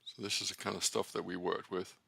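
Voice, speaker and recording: A deep-voiced man talks traders through his charts, rambling and blunt, often correcting himself mid-sentence. His voice is gravelly with a sharp, bright edge, and it sits close and dry with no room sound. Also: level tone, brisk, no echo. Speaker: trader keeping a trading journal. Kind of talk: casual talk while screen-sharing charts.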